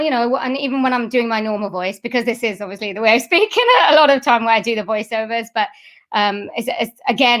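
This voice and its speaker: A middle-aged woman, a voice-over artist and singer, chatting in an interview with many fillers and restarts. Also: a little high. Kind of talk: casual interview chat.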